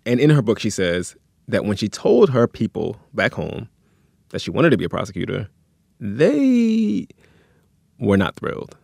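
A man co-hosts a podcast in a wry, casual, conversational tone, sometimes dryly ironic. His voice is low and gravelly with a lot of vocal fry. The recording is dry, with no room echo. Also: animated, a little fast, a little mellow. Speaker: podcast co-host.

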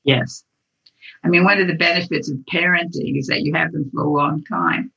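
An older woman with a gravelly, breathy voice talks through ideas carefully and at length, in a measured, explanatory way. Her tone is bright and edged, and the recording sounds dull and lo-fi. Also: sits low, fairly even intonation. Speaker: guest, author and activist. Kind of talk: interview answers.

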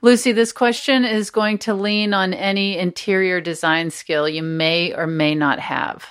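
A woman's voice: on the low side, fairly even intonation, unhurried, clear, resonant tone. A woman hosting a casual advice chat, reading listener questions aloud and teasing her guest in an easygoing way. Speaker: host.

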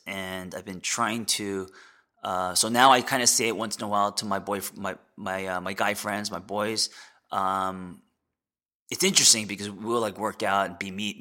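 Bright-voiced man reflecting on his own life. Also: fairly low pitch. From United States. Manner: reflective, halting with many fillers and restarts. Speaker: podcast host and therapist. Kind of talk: candid personal monologue.

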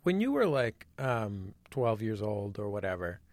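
A man's voice: on the low side, sing-song, measured pace, darkish tone, no echo. A male radio host asking interview questions, hesitant and searching, with many fillers.

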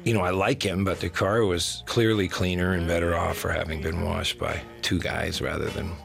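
A man's voice: deep voice, little pitch movement, moderate pace, gravelly, music in the background. A man telling a comic story in a dry, wry, self-deprecating way.

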